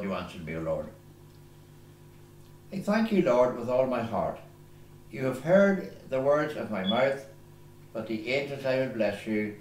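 A man, a priest reading scripture aloud at Mass, in a slow, deliberate way with small slips and self-corrections. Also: medium pitch, a little mellow. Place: small chapel oratory indoors. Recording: echoey chapel with faint background hiss.

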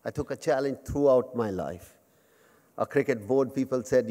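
Mellow and medium-pitched, a man in his fifties with an Indian accent speaks at a moderate pace as guest speaker at a memorial lecture. He entertains a live audience with self-mocking humor in simple English laced with Hindi, and the large lecture hall adds long reverb.

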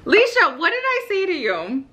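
A woman's voice: very high-pitched, wildly swooping pitch, sharp tone. A young woman vlogging from a hotel room while telling a story to family on a phone video call. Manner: chatty storytelling, quick laughs. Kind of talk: casual video call chat.

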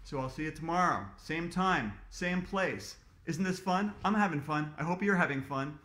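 A playful man reads his own story aloud to children, teasing his listeners between chapters. His voice sits high and swings lively up and down. The sound carries the echo of a roomy space. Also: moderate pace. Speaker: author reading his book to children. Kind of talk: storytelling read-aloud for kids.

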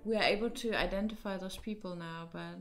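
A woman streams a puzzle game, thinking aloud hesitantly and casually with fillers as she works things out. Her mid-range voice moves a little fast with fairly even intonation, over soft background music.

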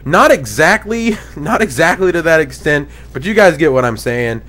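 A man's voice: on the high side, expressive, moderate pace, a bit bright. Man ranting, raised voice. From United States. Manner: indignant, profane ranting. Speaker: gaming video host. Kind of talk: gaming commentary rant.

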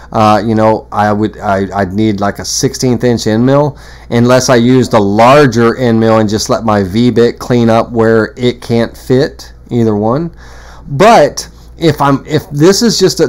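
A man walking through a woodworking software tutorial in a casual, rambling way, full of fillers and restarts. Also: medium pitch. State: has the hiccups. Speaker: CNC woodworking instructor. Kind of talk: screen-recorded software tutorial.

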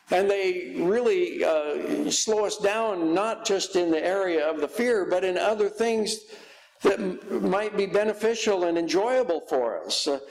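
A guest pastor, a man, preaching a sermon in a church, slow and halting with frequent fillers. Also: high-pitched, a little mellow, rough recording.

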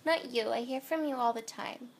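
A woman's voice: on the high side, normal speed. A young woman with a stuffy, nasal voice, tipsy and rambling goofily in a casual vlog filmed on her phone at home. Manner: goofy, rambling and chatty. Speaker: makeup artist. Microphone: phone camera.

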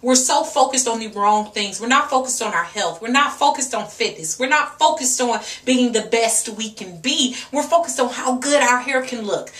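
High, bright-voiced woman ranting emphatically. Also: animated, normal speed, few pauses, echoey room, distant mic. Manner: emphatic, preachy, rhetorical questions. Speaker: natural hair and fitness vlogger. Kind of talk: passionate vlog rant.

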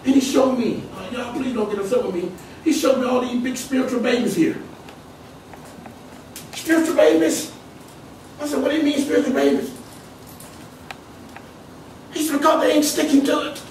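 A man preaches a fiery sermon in a church hall, his voice pitched unusually high. He hammers his points home with shouts and repetition. The sound is very echoey and picked up from a distance, with faint hiss underneath. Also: normal speed, long pauses. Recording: echoey hall, mic from far off.

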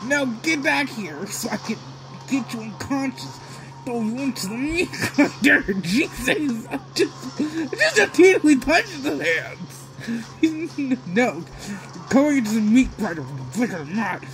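A man giving excited gameplay commentary, yelling, laughing and pleading with his opponents as he plays. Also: very high-pitched, slow pace, music in the background. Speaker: gaming video creator.

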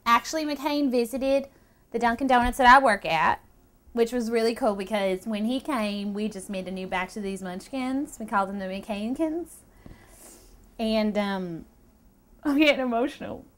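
A woman's voice: on the high side, normal speed, close to an everyday voice. A woman playing a nervous young woman who rambles and gets overemotional, in an improvised audition. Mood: emotional. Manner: chatty, tearful overemotional rambling.

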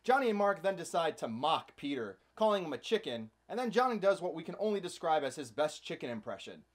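A man's voice: on the high side, sing-song, a little fast, faint music behind. A man hosting a comedic movie recap, narrating with sarcastic, playful asides. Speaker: host.

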